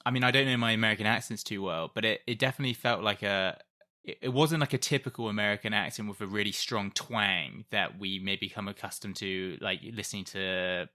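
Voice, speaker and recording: Bright-voiced podcast co-host. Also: male voice, fairly low pitch, a little fast. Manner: thoughtful, hedging, many restarts. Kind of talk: casual film-review chat.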